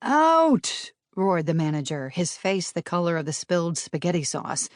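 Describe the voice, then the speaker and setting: A woman with a low voice narrates an audiobook, brisk and lively in her storytelling. The recording is dry and close, with no room sound. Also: dry recording.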